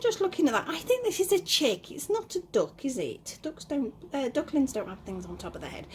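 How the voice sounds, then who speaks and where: A woman's voice: on the high side, darkish tone, breathy edge. A woman chatting casually at home as she unboxes little dolls, cooing over the tiny details. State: a bit out of breath. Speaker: doll collector unboxing dolls. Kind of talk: casual unboxing chat to camera.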